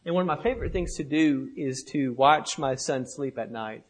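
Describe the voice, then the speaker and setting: A young man delivers a sermon at an ordinary middle pitch. He builds impassioned, rhythmic repetitions and lets phrases sink to a soft finish. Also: animated, moderate pace, slightly rough, low-quality recording. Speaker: preacher.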